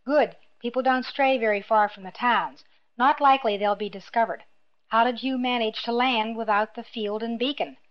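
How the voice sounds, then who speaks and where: A woman's voice: a little high, moderate pace, close to an everyday voice. A woman voicing a shrewd, half-mad old woman who speaks in a sly, mocking, knowing way, in a storybook reading. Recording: dull lo-fi recording.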